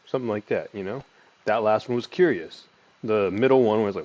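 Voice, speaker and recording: A man with a lowish voice talks through sales call techniques in a loose, conversational teaching style. He peppers his speech with fillers and restarts, and his inflection swings up and down. The recording sounds a little dull and lo-fi. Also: a little fast. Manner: lively inflection, pitch rising and falling. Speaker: sales trainer. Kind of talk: casual teaching monologue with role-played call lines.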